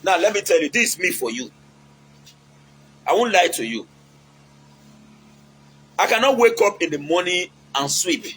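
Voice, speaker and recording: A man's voice: on the high side, a bit bright, slight background noise, poor audio. A man with a Nigerian accent giving casual, preachy relationship advice, mixing in Pidgin and acting out quotes.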